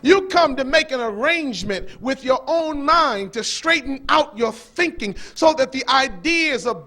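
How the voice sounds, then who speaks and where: A man preaching a sermon to a hall, with a preacherly rhythm that swings from hushed tones up to shouting. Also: very high voice, expressive, unhurried, hardly any pauses. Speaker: minister. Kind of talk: fiery sermon.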